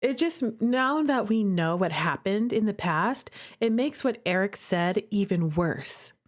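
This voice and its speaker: A woman's voice: mid-range voice, expressive, unhurried. A woman streamer reading a visual novel aloud and reacting in a chatty, emotional way. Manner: emotional, chatty, indignant on the character's behalf. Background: faint guitar music.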